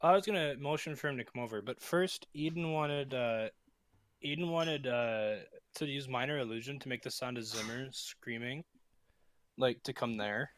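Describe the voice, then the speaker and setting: A man's voice: mid-range voice, normal speed, fairly bright tone, dry recording. A man playing a tabletop game, teasing and blunt in casual chat. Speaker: player.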